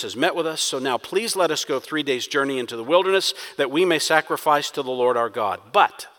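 A man's voice: a little high, sharp tone, long reverb tail. A man preaching a sermon, acting out quoted prayers with rising intensity. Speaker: pastor.

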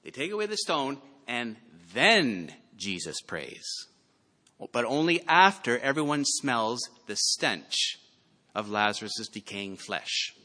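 A man preaches a sermon from the pulpit, his voice bright and forceful. He reads scripture with dramatic emphasis and now and then calls out loudly. His words ring with the long reverb of a large church sanctuary. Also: mid-range voice, big pitch swings, takes it slowly. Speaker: pastor.

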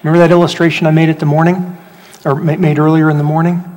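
Animated preaching man, high voice, hall reverb. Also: quick pace. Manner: animated, shifts between loud rhetorical questions and hushed emphasis. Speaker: pastor. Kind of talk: sermon. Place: church hall.

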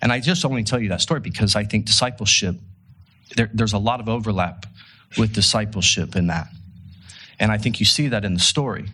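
A man delivers a sermon with a slightly husky, breathy voice. He talks like he is chatting with the congregation, tossing in jokes and stumbling over restarts as he tells a story. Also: fairly low pitch, fairly quick, pushed and bright. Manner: conversational, joking, with many restarts. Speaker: pastor.

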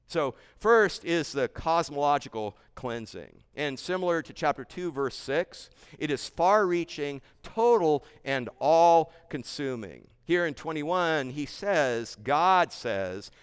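A pastor gives an expository sermon, earnestly and emphatically working through scripture verse by verse. His smooth, resonant voice is slightly high, animated and slow, with few pauses. A long church-hall echo carries the sound.

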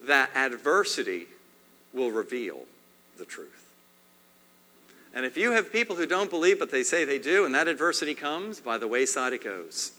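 A man preaching a sermon as pastor, emphatic and repetitive, swinging between loud and hushed. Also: medium pitch, very animated, moderate pace, pauses often. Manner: emphatic, swings loud and soft, repeats phrases. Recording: long hall reverb.

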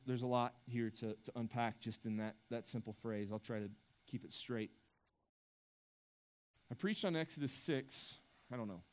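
A man preaching a sermon as pastor, conversational and emphatic, often restarting his sentences. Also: mid-range voice.

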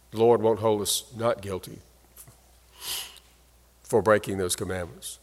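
Male preacher, slow and deliberate, emphatic delivery, long echo of a large hall. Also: fairly low pitch, steady tone. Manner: earnest, emphatic preaching with slow stressed phrases. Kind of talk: sermon.

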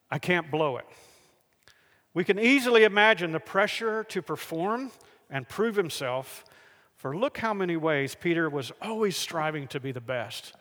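A man preaching a sermon, telling the stories in a lively way and acting out the people in them. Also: a little high, big-room sound. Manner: animated storytelling, acts out the figures in the stories.

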